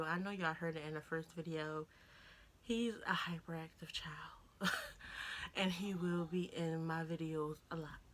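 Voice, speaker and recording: Young woman, slow and low. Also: slight background noise. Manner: informal, pausing, soft laughs; emotional, getting choked up. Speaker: vlogger. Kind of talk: casual vlog talk to camera.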